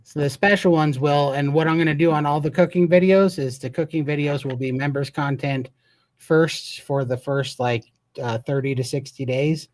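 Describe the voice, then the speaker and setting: A man's voice: on the high side, steady tone, moderate pace, no echo. Earnest man hosting a live Q&A. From Montana, USA. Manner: earnest and emphatic, with a storytelling streak. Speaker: host. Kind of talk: live Q&A chat.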